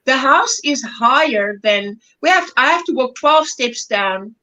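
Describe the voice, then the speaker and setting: Brief: chatty woman host from South Africa, bright and a bit high, laughs a lot. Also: animated, unhurried, dull audio. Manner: chatty, laughs often, greets viewers by name. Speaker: livestream host. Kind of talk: casual chat while reading viewer comments.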